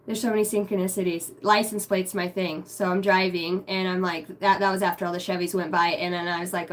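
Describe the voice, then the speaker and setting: A young woman running a casual livestream chat, excitable and swearing freely, dropping low and hushed when she prays. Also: fairly quick, few pauses. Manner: excitable, swearing, bursts of loud laughter. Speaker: spiritual reader streaming live.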